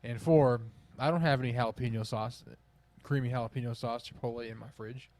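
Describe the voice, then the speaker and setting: A man's voice: medium pitch, fairly quick. Man telling a funny story on a podcast. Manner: animated storyteller, acts out quotes. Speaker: podcast co-host. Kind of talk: casual chat, storytelling.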